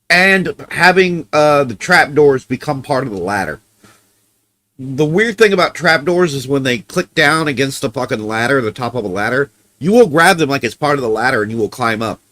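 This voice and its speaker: A man's voice: mid-range voice, lively intonation, normal speed, bright, forceful tone. A man chatting casually on a live stream, blunt and grumbling, with plenty of swearing.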